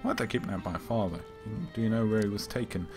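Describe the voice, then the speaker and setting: A man voicing a calm young hero. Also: on the low side, brisk, over music, natural voice. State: slightly hoarse from a cold.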